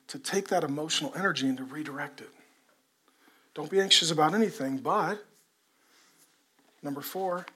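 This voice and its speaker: Middle-aged pastor guy preaching, high and bright, gets loud then drops way down soft. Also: husky. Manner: animated preaching, moving from loud to hushed. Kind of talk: sermon. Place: church before a congregation.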